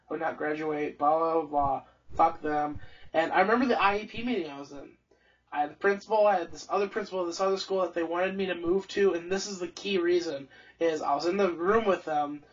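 A young adult live streamer rambles through a long grievance, cursing freely and stumbling into restarts. The voice sounds a little husky and sits well back from a muffled, lo-fi microphone. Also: mid-range voice. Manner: heavy swearing, angry, restarts a lot. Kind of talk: casual rambling storytelling. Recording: distant, dull lo-fi stream audio.

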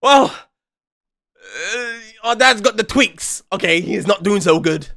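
A man's voice: high voice, expressive, takes it slowly, gravelly, bright, forceful tone. A young man giving jokey commentary on a horror game, reading its dialogue aloud. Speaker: gaming commentator. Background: game music.

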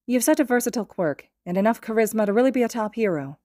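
Cheerful, blunt teen boy, no filter, read by a woman, pitched a little higher than her own voice. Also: animated, rapid-fire, mellow, dry recording, clean studio sound, natural voice. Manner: blunt, confident, unfiltered. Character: bold, cheerful teenage boy hero.

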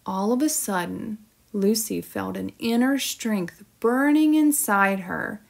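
Woman teacher, children's story read-aloud, expressive and unhurried, mid pitch. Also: vocal fry.

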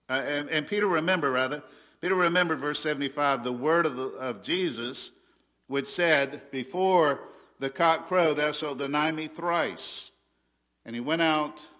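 A Southern American man preaches a sermon with a bright, ringing voice. He presses his points hard and often stops to restart a sentence. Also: mid-range voice. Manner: emphatic, rising loud on quoted scripture, frequent restarts. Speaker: pastor.

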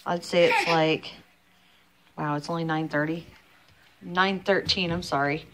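A woman's voice: fairly low pitch, fairly even intonation, unhurried, very noisy. A woman chatting to viewers in a casual home vlog, filmed on a handheld phone. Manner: chatty, talks to viewers as guys. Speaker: family vlogger. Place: home indoors. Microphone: handheld phone camera.

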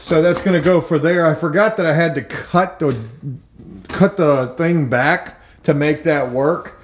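A young man casually narrates his home renovation work vlog-style, chatty and self-deprecating with the occasional curse. His voice is on the high side and measured in pace, and the audio is roomy and dull.

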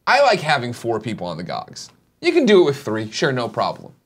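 A man's voice: medium pitch, fairly quick, husky. A man in his thirties hosting a casual studio chat show, cursing and joking. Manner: animated, swearing, laughing loudly. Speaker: show host.

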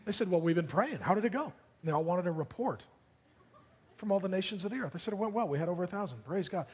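Pastor, male, lively storytelling sermon voice, a bit high and husky, long hall reverb. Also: quick pace. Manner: animated, jokey storytelling with bursts of excitement.

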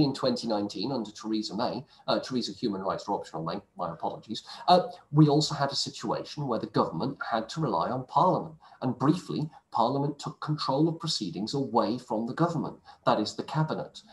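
A man teaching a recorded lesson to his students, talking briskly and discursively, with asides and self-corrections. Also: medium pitch, slight background noise. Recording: echoey room recording.

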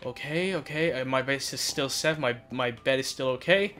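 A man narrating his own gameplay in a lively, swooping voice that leaps up high when he panics. He chatters to himself, mutters low while he plans, and breaks into laughing yells under pressure. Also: moderate pace, hardly any pauses, over music. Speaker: gaming YouTuber. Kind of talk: gameplay commentary.

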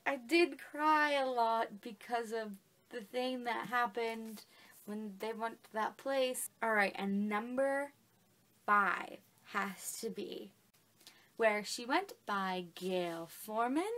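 A young woman with a fairly high voice chats about books in a casual vlog. She gushes and gets emotional, tossing in "like" and "literally" all the time. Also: slow pace, fairly bright tone. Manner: gushing, emotional, says "like" and "literally" a lot. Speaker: book vlogger. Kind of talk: casual chat.

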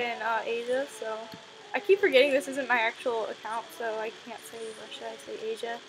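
A woman's voice: a little high, fairly bright tone, a little hiss or hum, rough recording. A young woman hosting casual gameplay commentary, rambling and playful with frequent giggles. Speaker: gaming channel host. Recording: faint background music under the voice. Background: music playing in the background.

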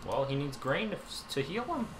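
Man, animated pitch, teasing gamer chat, noisy background. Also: moderate pace. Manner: playful, teasing, excitable. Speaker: let's play co-host. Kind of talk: casual gaming chat.

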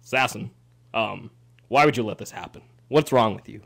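A man's voice: on the low side, moderate pace, gravelly, fairly bright tone, slightly rough, pitched below the performer's own voice, exaggerated voice. Brief: a man doing a mock-stern fatherly scold, American accent, hamming it up. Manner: exaggerated, scolding. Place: radio studio.

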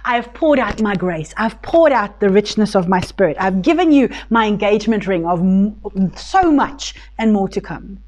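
A woman's voice: medium pitch, expressive, normal speed, few pauses, a little mellow. A woman teaching a Bible study group in a casual, conversational way, with many restarts, speaking tenderly when voicing God. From South Africa.

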